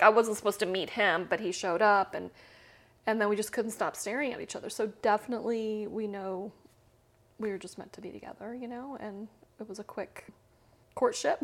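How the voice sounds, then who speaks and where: A woman in her fifties from Central America tells her own story as an interview guest. Her voice sits at a middle pitch, and she talks in a loose, chatty way, with many fillers and small laughs. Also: slightly rough. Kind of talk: casual personal storytelling.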